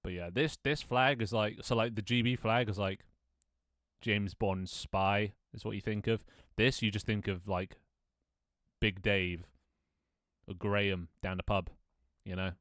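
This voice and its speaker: Low-voiced English man chatting on stream. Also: steady tone, unhurried, fairly bright tone, dry recording, studio quality. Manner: rambling, jokey, swears freely. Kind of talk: casual live-stream chat.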